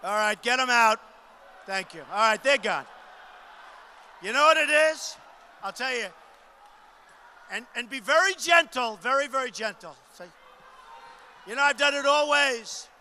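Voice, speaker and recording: A man giving a loud, emphatic rally speech to a big crowd, repeating short phrases. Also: animated, unhurried, long pauses, a little hiss or hum. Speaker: political candidate at a rally. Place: large arena rally. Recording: booming reverb of a big arena.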